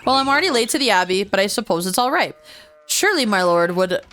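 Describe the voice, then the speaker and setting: Woman reading a humble young game artist, deferential, hesitant, lively pitch. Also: fast talker. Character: young male journeyman artist, polite and humble.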